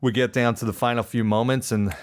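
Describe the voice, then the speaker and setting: A man hosting a podcast, telling a personal story in an animated, self-deprecating way. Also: medium pitch, a little fast. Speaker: podcast host. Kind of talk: casual storytelling monologue.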